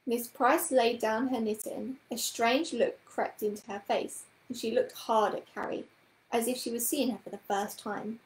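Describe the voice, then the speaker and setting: A woman reading a children's book aloud in a gentle, expressive storytelling manner. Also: a little high, normal speed, roomy sound, low-quality recording.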